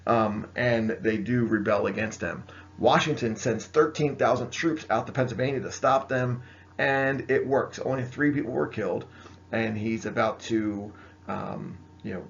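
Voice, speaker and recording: Gravelly man giving a casual history lecture. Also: medium pitch, muffled recording, slight background noise. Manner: casual, frequent "all right?" check-ins and fillers. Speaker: high school history teacher. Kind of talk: classroom lecture.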